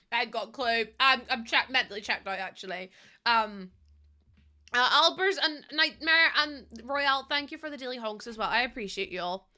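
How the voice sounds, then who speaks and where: A woman's voice: fairly high pitch, animated, normal speed, bright, forceful tone. A tired young woman, chatting casually with her viewers during a live game stream, giggly and rambling. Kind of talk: casual live-stream chat while playing.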